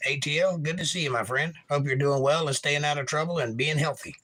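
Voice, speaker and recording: A man's voice: a little high, brisk, pushed and bright. A man hosting a livestream in a casual way, reading viewers' chat messages aloud and adding wry asides. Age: young adult.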